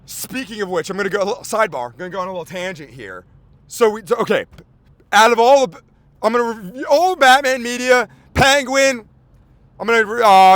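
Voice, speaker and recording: Lively high-voiced man ranting casually. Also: no echo. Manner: rambling, profane, excitable, lots of fillers. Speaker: podcast host. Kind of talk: casual rambling chat.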